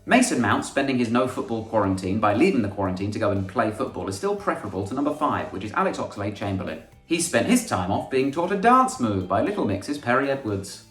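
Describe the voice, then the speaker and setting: A man's voice: mid-range voice, recorded from a distance. A young man hosting a scripted comic monologue, with a dry, sarcastic delivery and sudden mock-dramatic outbursts. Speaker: comedian host. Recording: echoey room with faint music.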